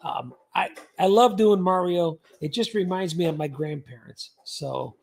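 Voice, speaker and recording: A man's voice: high voice, a little slow, creaky, darkish tone. An older man hosting a casual livestream, chatty and rambling, with plenty of fillers. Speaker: host.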